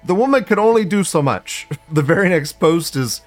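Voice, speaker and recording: A man's voice: sits high, lively intonation, normal speed, faint music behind. Profane, sardonic man ranting on a live stream. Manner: profane, sardonic, laughs often. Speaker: live-stream host reading viewer comments. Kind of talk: casual live-stream rant.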